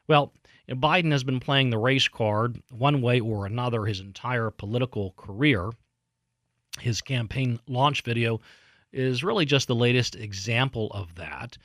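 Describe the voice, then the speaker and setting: A man's voice: medium pitch, a bit bright, dry recording, studio quality. A man hosting a political talk show, giving an indignant, emphatic commentary monologue with frequent fillers and restarts.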